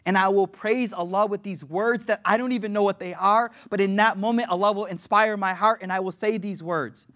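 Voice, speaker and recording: High-pitched guy giving a sermon like a story, acts out the quotes, casual asides, arabic phrases mixed in. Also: steady tone, a little fast, few pauses, fairly bright tone. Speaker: preacher.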